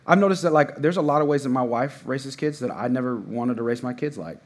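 A man in his thirties preaching a sermon in a church, casual and conversational with sudden loud bursts. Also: mid-range voice, a little fast. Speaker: pastor. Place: church hall before a congregation.

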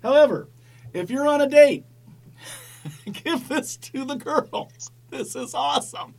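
A man's voice: extremely high pitch, unhurried, creaky. A man hosting a podcast in casual chat, rambling and swearing, with many fillers. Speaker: podcast host.

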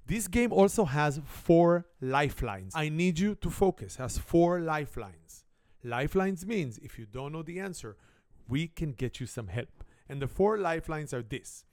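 In a mid-range, slightly mellow voice, a middle-aged Israeli man hosts a playful spelling game for families and recounts a comic tale. He's a native Hebrew speaker with an Israeli accent and broken English grammar. The recording is dry and studio-clean.

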